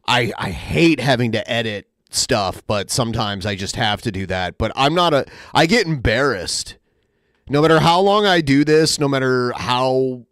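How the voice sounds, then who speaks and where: A man hosting a podcast, chatting casually in a rambling, halting way with many restarts. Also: mid-range voice, a bit bright, smooth, no echo, studio quality. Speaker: podcast host. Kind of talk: casual chat.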